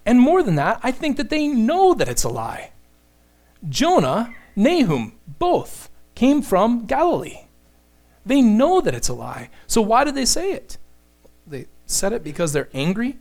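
A man preaching a sermon, emphatic and impassioned, moving between loud declarations and hushed, slow lines. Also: high-pitched.

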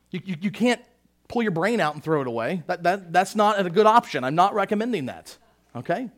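A male pastor delivering a fiery sermon in a strikingly high voice. He shifts between shouted declarations and hushed, low passages. He often stumbles and repeats a word as he launches into a new sentence. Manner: impassioned preaching, swinging between shouting and hushed; repeats words when starting sentences.

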